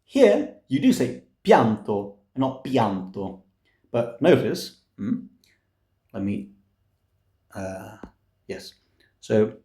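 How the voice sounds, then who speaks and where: A man's voice: medium pitch, very animated, takes it slowly, pauses often, darkish tone. A man teaching the meaning and pronunciation of opera lyrics, patient and explanatory, with playful asides and many fillers. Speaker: music language teacher. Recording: echoey room.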